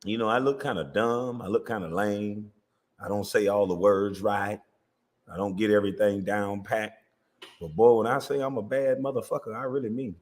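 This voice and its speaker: A man's voice: on the low side, fairly even intonation, normal speed, big-room sound. A man hosting a livestream, ranting boastfully and profanely and laughing often. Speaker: livestream host. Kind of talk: comedic livestream rant.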